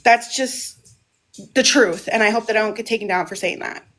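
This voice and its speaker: A woman's voice: a little high, normal speed, a bit bright. A woman talking on a casual livestream from home, rambling and restarting her phrases. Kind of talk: casual live monologue.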